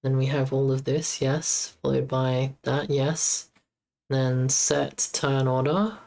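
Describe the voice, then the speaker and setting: Super deep-voiced woman slowly talking thru her code on stream, kinda mumbly. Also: fairly even intonation, creaky, a little mellow. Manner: muttering to herself while debugging, halting. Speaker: game developer streamer. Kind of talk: casual live-stream coding commentary.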